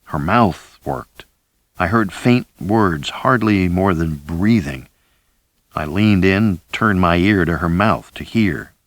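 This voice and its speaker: A man reading a first-person thriller audiobook in a measured, dramatic way. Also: deep voice, lively intonation, dry recording. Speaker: audiobook narrator.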